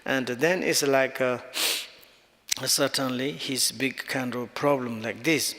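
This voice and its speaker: Man, Tibetan accent, dharma talk, halting English, restarts often, long reverberant room. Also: mid-range voice, fairly even intonation, a bit bright. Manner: halting non-native English with many restarts. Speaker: Buddhist teacher. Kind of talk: dharma teaching.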